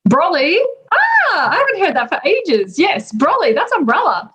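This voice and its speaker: An Australian woman explaining local slang in a relaxed, chatty way, pausing with ums as she goes. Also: very high-pitched. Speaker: native speaker explaining slang. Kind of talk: casual explanation.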